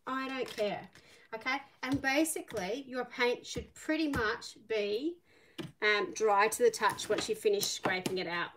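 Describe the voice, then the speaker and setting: A woman's voice: on the high side, measured pace, fairly bright tone. Woman, middle-aged, Irish-Australian accent, chatty live-class teacher, mic set a bit back. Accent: Irish mixed with Australian. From Northern Ireland. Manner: chatty, greets viewers by name. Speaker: art teacher. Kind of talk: live online craft class. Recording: slightly distant mic, faint noise.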